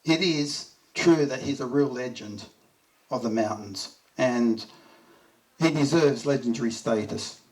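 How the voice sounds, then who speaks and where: A man's voice: mid-range voice, unhurried. A middle-aged Australian man giving a heartfelt memorial speech, telling fond stories and chuckling as he goes. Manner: heartfelt storytelling, chuckles through anecdotes. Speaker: eulogy speaker. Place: memorial gathering. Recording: voice distant from the mic.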